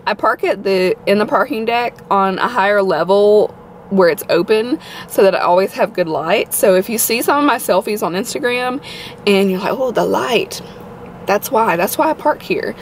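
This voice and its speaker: A woman vlogging casually into her phone, chatty and gushing with excitement. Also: mid-range voice, moderate pace, a little hiss or hum, rough recording. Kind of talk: casual vlog chat.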